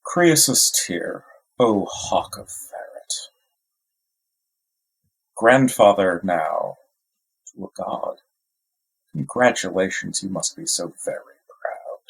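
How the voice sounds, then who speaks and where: Low, husky man, player voicing a character, solemn and accusing. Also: lively intonation, takes it slowly, pauses often, low-quality recording. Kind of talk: in-character speech in a tabletop game.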